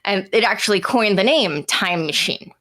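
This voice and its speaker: A woman's voice: medium pitch, lively intonation, normal speed, a bit bright. A young woman hosting a podcast, reading a formal opening and then chatting lightly with her guests. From Canada. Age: young adult. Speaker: podcast host. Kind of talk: podcast chat with scripted opening.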